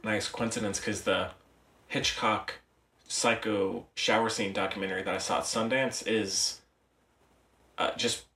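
A man's voice: lowish voice, fairly even intonation, a little slow, pauses often, pushed and bright. A man co-hosting a film podcast in casual chat, rambling, correcting himself and laughing often. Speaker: podcast host. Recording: roomy, distant mic.

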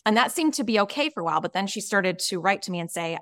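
A woman's voice: medium pitch, animated, fast talker, fairly bright tone, no room sound. A woman who writes and coaches, telling a personal story in a podcast interview, earnest and frank, with many "you know" and "like" fillers. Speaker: podcast guest, author and coach.

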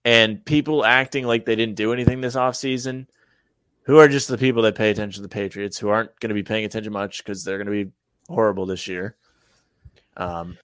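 A man co-hosting a casual sports podcast, animated and emphatic, often repeating himself. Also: fairly low pitch, fairly quick, smooth, no room sound, studio quality. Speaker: podcast co-host.

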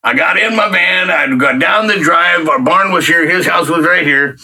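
Husky middle-aged man telling a folksy testimony. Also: a little high, moderate pace. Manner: folksy and colloquial, animated retelling. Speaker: guest sharing a faith testimony. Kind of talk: casual storytelling testimony. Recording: distant mic.

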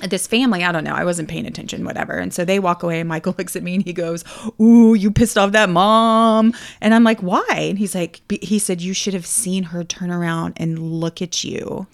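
Gravelly mom telling stories. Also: female voice, lowish voice, fairly even intonation, fairly quick, few pauses. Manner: storytelling, mimics other people in her anecdotes. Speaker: podcast co-host. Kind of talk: casual chat.

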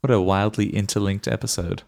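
Male podcast co-host, low voice, playful teaser, quick laugh. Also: steady tone, vocal fry, a little mellow, dry recording. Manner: playful and teasing, laughs often. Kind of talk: casual chat.

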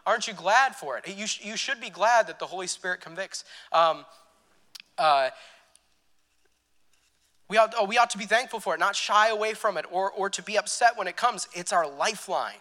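A man with a high, bright voice preaching a church sermon. He talks in a loose, chatty way, stumbling over fillers and restarting his sentences as he works through a story. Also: normal speed, long reverb tail. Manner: conversational, many fillers and restarts, laughs at his own story.

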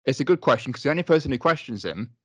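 A man's voice: mid-range voice, lively intonation, very fast, a bit bright, slightly rough, no room sound. A British man co-hosting a casual chat, easygoing and agreeable, laughing along with his partner. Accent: British English. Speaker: podcast co-host.

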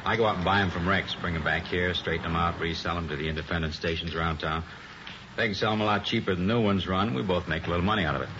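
A talkative, jumpy garage mechanic, played by a man, rambles fast in a lowish voice. The lo-fi old radio recording carries clear background noise. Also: lightly acted. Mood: chatty. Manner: chatty, rambling small talk. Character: chatty male garage owner, jumpy and talkative. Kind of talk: 1950s radio crime drama.

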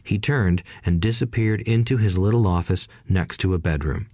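Low-voiced man reading an audiobook. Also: normal speed, warm tone, dry recording, clean studio sound. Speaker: audiobook narrator. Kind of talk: scripted audiobook narration.

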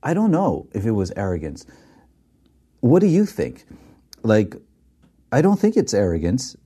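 A man interviewing a guest in a relaxed conversation, engaged, reacting often and asking reflective questions. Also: medium pitch, a little slow, slightly rough.

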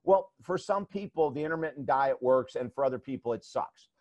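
Fairly quick and full of lively intonation, a life coach's mid-range, somewhat mellow voice carries his storytelling in an interview. He speaks with energy and emphasis and repeats words when beginning sentences. There is no echo.

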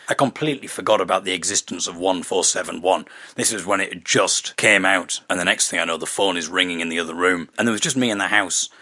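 A man's voice: on the low side, bright, forceful tone. A man hosting a podcast, telling a comic personal story in a self-mocking way and slipping into character voices. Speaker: podcast host.

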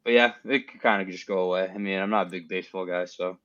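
A man's voice: low voice, steady tone, quick pace, fairly bright tone, highs cut off. A man being interviewed as a guest player, laid-back and hedging with fillers. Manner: laid-back, lots of "I mean". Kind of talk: casual interview.

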